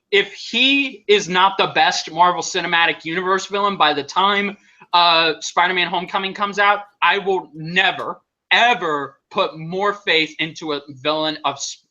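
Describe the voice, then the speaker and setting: A man hosting a podcast in casual chat, excitable, laughing often and breaking off mid-sentence to restart. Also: sits high, lo-fi sound. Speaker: podcast host.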